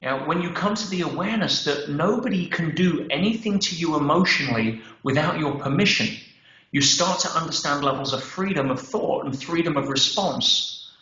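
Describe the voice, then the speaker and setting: A male interview guest with a fairly high voice talks at a moderate pace in roomy, dull podcast audio. He tells stories emphatically and animatedly, acting out quotes and often checking in with "yeah?" and "right?".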